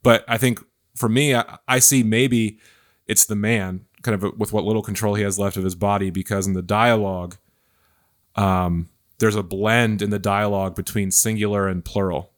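A man's voice: on the low side, fairly even intonation, moderate pace. A man hosting a Bible study discussion, thoughtful and hesitant, with many fillers and restarts. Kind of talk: casual discussion.

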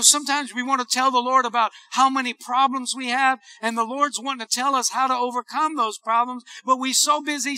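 High, bright fervent preacher. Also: male voice, no echo. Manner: fervent call-and-response preaching. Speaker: pastor. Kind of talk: sermon.

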